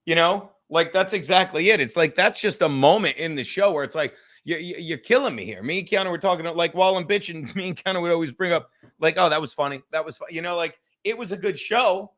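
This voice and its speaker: A man in his fifties hosts a podcast in a loud, profane, heated way. His voice sits high for a man. He tells stories with plenty of swearing. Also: quick pace, few pauses. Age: 50s. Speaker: podcast host. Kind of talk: casual chat.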